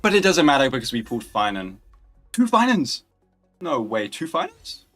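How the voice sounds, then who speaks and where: Young male stream host, chatty and joking, average pitch, light music in the background. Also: big pitch swings, moderate pace, a bit bright. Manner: chatty, joking, answering viewer questions. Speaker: livestream host. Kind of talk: casual livestream chat.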